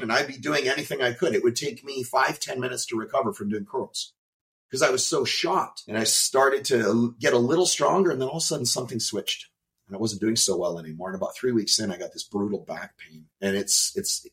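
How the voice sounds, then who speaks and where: Animated man telling his story. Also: medium pitch. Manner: emphatic, swearing, animated retelling. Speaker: podcast guest. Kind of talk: storytelling in an interview.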